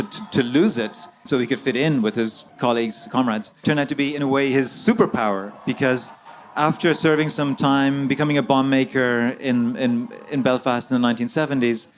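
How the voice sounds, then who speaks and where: A man, an author guest in an interview, recounting a story at length with many fillers and restarts. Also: mid-range voice.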